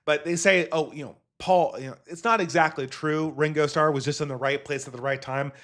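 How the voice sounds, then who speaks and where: A man's voice: on the high side, fairly even intonation, fairly quick, fairly bright tone. A man hosting a solo commentary podcast, talking casually in a rambling, digressive way and swearing now and then. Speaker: podcast host.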